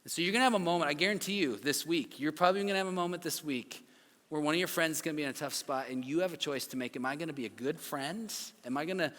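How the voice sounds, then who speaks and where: A man in his thirties preaching to a youth group with a slightly high voice. He tells stories with animated energy and acts out the people he quotes, and his voice rings with a long hall reverb. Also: fast talker. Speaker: youth pastor. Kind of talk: youth sermon.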